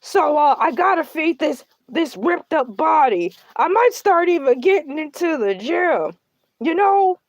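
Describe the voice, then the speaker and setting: A boastful, needy shark talk-show host, put on by a woman, who whines and rambles about his own troubles. The voice sits high and is caught close on a dry mic. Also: sing-song, a little slow, no echo, exaggerated voice. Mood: chatty. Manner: whiny, self-centered, rambling. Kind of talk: comedic character livestream.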